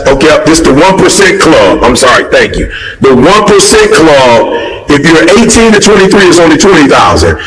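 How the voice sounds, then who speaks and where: Animated high-pitched motivational speaker, a man. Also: poor audio. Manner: animated, preachy, talks straight to the listeners. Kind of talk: motivational talk.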